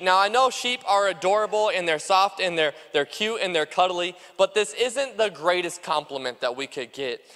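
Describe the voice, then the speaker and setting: A man's voice: fairly high pitch, pushed and bright, in a large hall. A pastor preaching a sermon to his congregation, earnest and repetitive, with frequent fillers. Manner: earnest, repeats phrases for emphasis, many "uh" fillers. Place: church sanctuary.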